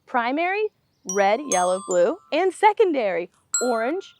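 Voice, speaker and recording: A woman's voice: fairly high pitch, sing-song, a little slow, a little mellow, slight background noise. A young woman hosting a kids' lesson, bubbly and playful with exaggerated delivery. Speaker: children's show host. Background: background music.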